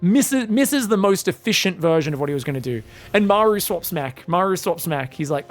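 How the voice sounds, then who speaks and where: Male esports caster, high voice, excitable and jokey, faint music underneath. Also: a little fast. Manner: excitable, jokey, rambling asides. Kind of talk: live game commentary.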